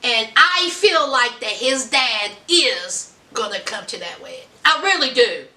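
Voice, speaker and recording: A woman's voice: fairly high pitch, sing-song, unhurried, pushed and bright. A woman giving a sassy, chatty recap of a reality show in casual, colloquial talk. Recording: echoey room, mic at a distance.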